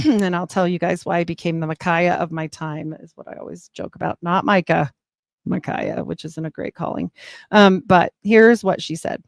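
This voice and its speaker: A middle-aged woman giving a personal testimony as a guest, rambling and animated, with laughs and asides. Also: on the low side, normal speed, gravelly, no room sound, studio quality.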